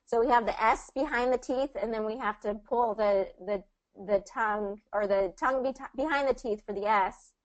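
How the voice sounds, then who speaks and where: A woman's voice: a little high, dull audio. Patient woman coaching pronunciation. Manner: patient, encouraging, models phrases slowly. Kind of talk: one-on-one online pronunciation lesson.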